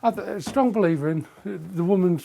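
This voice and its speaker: A man's voice: high voice, moderate pace, vocal fry, mellow, slight background noise. Blunt middle-aged bouncer man. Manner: blunt, swears while recounting fights. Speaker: bouncer and former amateur boxer. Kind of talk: casual chat, telling stories.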